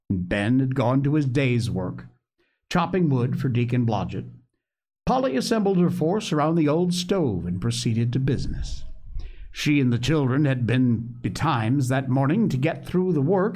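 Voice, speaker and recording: Expressive male reader for a storybook session; mid pitch, lively. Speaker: host reading a book aloud. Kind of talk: storybook read-aloud.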